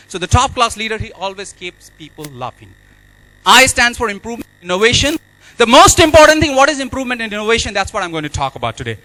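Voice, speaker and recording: A man's voice: sits high, bright, forceful tone, rough recording. A man giving a motivational speech, emphatic and repeating key phrases. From India. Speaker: speaker at an awards event.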